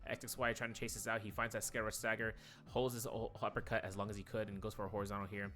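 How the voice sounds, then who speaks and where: A man commentating an esports match play by play, rattling off quick calls and drifting into rambling asides full of fillers. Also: lowish voice, level tone, sharp tone, soft background music.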